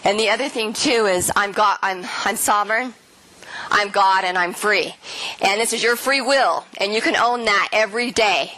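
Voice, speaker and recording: Woman, middle-aged, keynote speaker, bright clear voice, earnest, animated storytelling. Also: medium pitch, moderate pace, poor audio. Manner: earnest, animated storyteller acting out quoted lines. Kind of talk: spiritual talk with audience questions.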